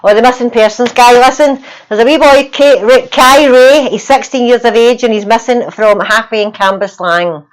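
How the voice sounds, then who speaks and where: A woman co-hosts a casual live fan show and reads out viewers' names in a chatty way. Her voice is smooth and clear and sits a little high. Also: normal speed, few pauses, poor audio. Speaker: co-host.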